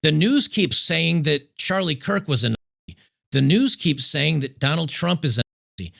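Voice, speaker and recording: A man hosting political commentary, reacting to news clips in an emphatic, sarcastic way and repeating key points slowly. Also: on the high side, animated, creaky, a bit bright.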